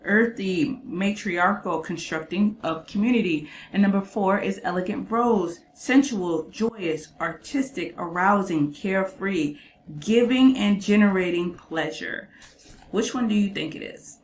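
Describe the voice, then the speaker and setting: A woman's voice: mid-range voice, a little slow, slight background noise. A woman hosting a casual reaction commentary, chatty and emphatic with slangy asides. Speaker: host reacting to a clip.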